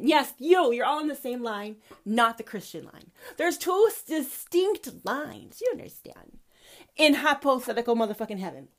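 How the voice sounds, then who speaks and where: A woman's voice: fairly high pitch, fairly bright tone. A woman host delivering an impassioned, profane, preachy monologue. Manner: profane, fiery preachy ranting. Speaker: podcast host.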